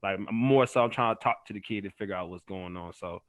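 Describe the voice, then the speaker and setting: A man's voice: on the low side, fast talker, no room sound. A man who hosts a podcast and works as an educator, talking in a casual, earnest and affirming way.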